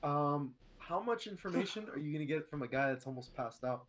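A man's voice: fairly high pitch, lively intonation, brisk, fairly bright tone. Casual male tabletop player. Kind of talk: casual tabletop game talk.

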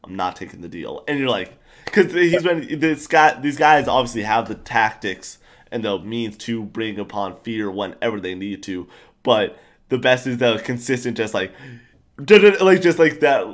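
A young man chatting casually about a TV show, enthusiastic and rambling, with animated outbursts. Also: medium pitch, unhurried.

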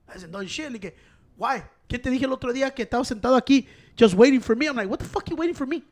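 Man, very high voice, rapid, blunt, profane. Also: lively intonation. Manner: blunt, profane, says güey constantly. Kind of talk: casual chat, mixing Spanish and English.

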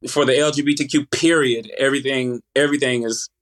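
A man in his thirties with a Southern US accent, chatting as an interview guest, lively, with halting restarts and easy laughter. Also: mid-range voice. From United States. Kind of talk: casual interview chat.

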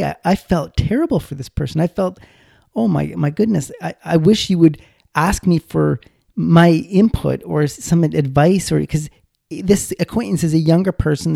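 A man's voice: on the high side, vocal fry, dark tone, dry recording, studio quality. A middle-aged man co-hosting a money podcast, telling a personal story in a rambling, casual way with restarts. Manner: rambling, restarts and self-corrections. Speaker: podcast co-host.

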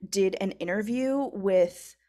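A woman's voice: mid-range voice, slow pace, dark tone. Rambling woman podcast host. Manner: rambling, many fillers and giggles. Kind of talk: casual chat.

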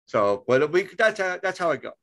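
A man's voice: a little high, big pitch swings, brisk, a bit bright, low-quality recording. A man hosting a podcast in casual chat, rambling with lots of fillers, restarts and swearing. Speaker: podcast host.

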